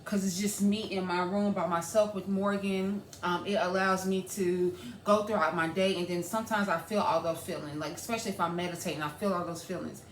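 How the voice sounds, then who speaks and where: A woman, co-hosting a casual chat, heartfelt and animated. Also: lowish voice, brisk, few pauses. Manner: heartfelt, animated, laughs easily. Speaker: podcast co-host. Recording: echoey room with faint noise.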